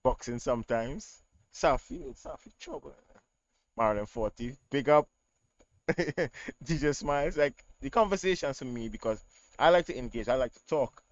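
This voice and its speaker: A man's voice: medium pitch, animated, moderate pace. Man, Trinidadian accent, guest DJ, hesitant, repeats words, dull muffled call audio. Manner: hesitant, repeats words while searching for them. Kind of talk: casual interview over call.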